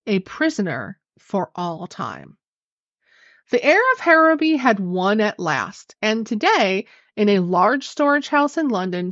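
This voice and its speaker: A woman reading a classic ghost story aloud in a measured, expressive narration. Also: medium pitch, no room sound, muffled recording. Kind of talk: scripted narration.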